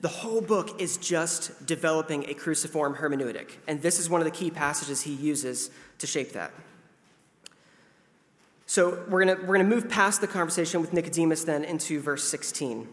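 A man in his thirties, working as a pastor, delivers a casual, conversational sermon, poking fun at himself and sometimes acting out voices. His voice is a little high and a bit bright, at a moderate pace. A long hall reverb colors the recording.

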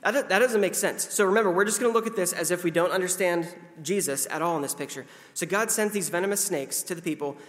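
A man's voice: high-pitched, fast talker, a bit bright. Casual man preaching in an echoing hall. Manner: conversational, self-deprecating, acts out voices. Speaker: pastor. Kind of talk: casual sermon. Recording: long hall reverb.

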